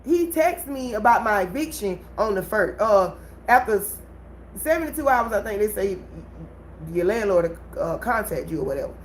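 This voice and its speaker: Woman ranting to her livestream viewers, mid-pitched, faint noise behind. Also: moderate pace, low-quality recording. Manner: animated storytelling, talks to viewers directly. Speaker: livestream host. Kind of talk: casual livestream venting.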